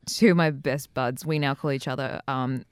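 A woman chatting casually about films and TV, bubbly and quick to laugh, telling animated stories. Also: rumbling low, clear, resonant tone, no room sound, clean studio sound. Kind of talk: casual chat.

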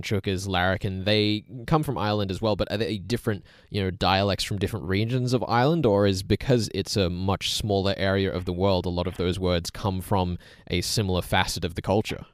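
Low-voiced male radio host. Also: brisk, smooth, dry recording, studio quality. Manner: curious, asks long questions. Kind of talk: radio interview.

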